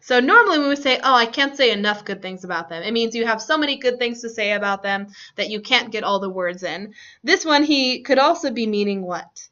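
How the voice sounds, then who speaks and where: A woman's voice: on the high side, animated, brisk, pushed and bright. A woman teacher leading a classroom lesson, asking students questions and laughing often. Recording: dull lo-fi classroom recording.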